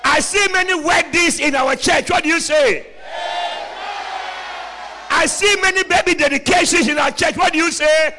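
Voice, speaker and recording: A man preaching a sermon in a church, shouting lines and calling for responses from the congregation. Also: extremely high pitch, normal speed, long pauses, crowd noise, background noise.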